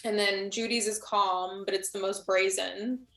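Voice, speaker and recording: A woman chatting as a guest on a live stream, rambling through her thoughts and restarting sentences as she goes. Her voice sits in a middle pitch, and the room around her rings with a noticeable echo. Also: fairly even intonation, unhurried, pushed and bright. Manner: rambling, thinks aloud with many restarts. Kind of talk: casual chat on a live stream.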